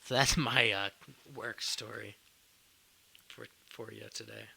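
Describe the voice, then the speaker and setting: Gravelly, bright-voiced young man rambling. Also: lowish voice, steady tone, takes it slowly. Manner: rambling, exasperated, swears casually. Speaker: podcast host. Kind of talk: casual storytelling.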